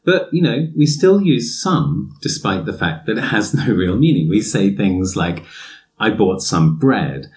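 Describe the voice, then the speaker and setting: A man with a fairly low voice talks through a podcast lesson on English grammar. He muses aloud in a loose, easygoing way, full of fillers and restarts, and reads out example sentences to make his points. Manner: relaxed and musing, with many fillers and restarts. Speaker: English teacher and podcast host.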